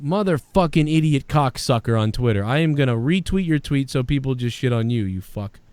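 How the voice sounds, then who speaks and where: A man's voice: mid-range voice, lively intonation, fairly quick, a little mellow, smooth, no room sound. A man hosting a show, ranting casually with profane, combative, mocking insults aimed at a critic. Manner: sarcastic, mocking. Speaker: show host reading viewer donations. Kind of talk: casual livestream rant.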